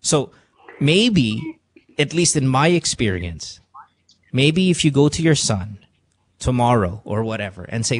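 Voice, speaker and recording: Husky and sing-song, his medium-pitched voice moves unhurriedly with long pauses. He's a man running a call-in podcast in a radio studio, dispensing emotional advice in an earnest, confessional tone and repeating himself.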